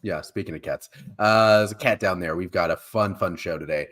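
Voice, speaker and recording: A man's voice: low-pitched, fairly quick, a bit bright. A man hosting a pop culture podcast in a casual, rambling way, often laughing at himself. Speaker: podcast host.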